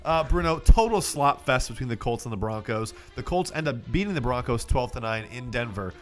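Animated man recapping football. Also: medium pitch, brisk, soft background music. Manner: animated, joking, profane. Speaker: podcast co-host. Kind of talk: casual sports recap banter.

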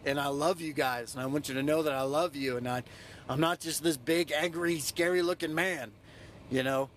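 A man's voice: on the high side, steady tone, normal speed, a bit bright, a little hiss or hum. A young man, a podcast host, telling a personal story casually, loose and profane, with lots of "you know" fillers.

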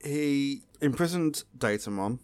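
A man's voice: mid-range voice, lively intonation, slow pace, darkish tone, clean tone, no room sound. A man co-hosting a podcast, recapping episodes in a sarcastic, chatty way. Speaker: podcast co-host. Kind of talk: casual podcast chat.

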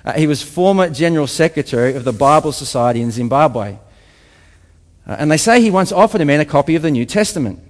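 A man preaching a sermon to a congregation, emphatic, with rhetorical questions and quieter reflective passages. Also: fairly high pitch, animated, fast talker, in a large hall. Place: church hall with congregation.

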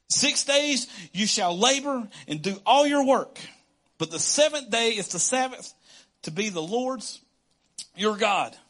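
A man preaching a casual, conversational sermon as a pastor, animated and quick to laugh. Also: high-pitched. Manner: animated, conversational, laughs often, acts out quotes.

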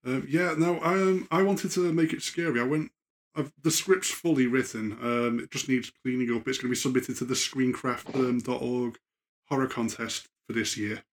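A man's voice: medium pitch, moderate pace. A man, a guest horror writer, talking thoughtfully in casual podcast chat with many fillers.

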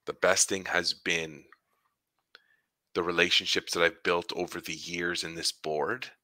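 A man's voice: low-pitched, measured pace, no echo. A man who works in education, chatting casually as co-host and acting out the people in his stories. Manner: animated storytelling, acts out quoted voices. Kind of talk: casual chat.

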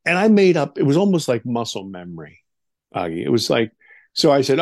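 Gravelly middle-aged man telling a story. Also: mid-range voice, normal speed, no echo, clean studio sound. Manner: animated, acts out quoted voices, many fillers. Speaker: guest. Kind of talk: interview storytelling.

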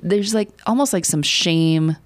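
A woman co-hosting a casual talk show, expressive and acting out quoted voices, with frequent affirming mm-hmms. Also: fairly low pitch, unhurried, no room sound. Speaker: podcast co-host. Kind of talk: casual conversational chat.

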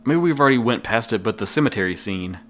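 A man's voice: on the low side, expressive, fast. A man co-hosting a casual film podcast, bringing up scenes and acting out lines. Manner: chatty, brings up scenes, acts out quotes.

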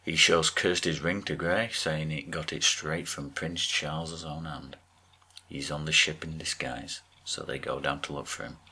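Low-voiced man doing a wry recap. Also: a little slow, slightly rough. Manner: wry, deadpan asides. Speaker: podcast co-host. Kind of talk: recapping a TV episode, joking.

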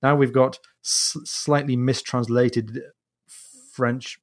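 A man's voice: mid-range voice, slow pace. A man hosting a podcast, chatting about a novel's humour and now and then reading lines. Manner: animated, reads quoted lines in put-on accents. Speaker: podcast host. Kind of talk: conversational book discussion.

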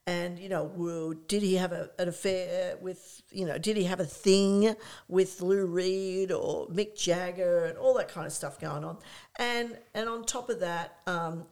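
An older woman, a guest in an interview who tells lively stories, acts out her own past thoughts and often says "you know". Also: lowish voice, unhurried. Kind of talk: conversational anecdote.

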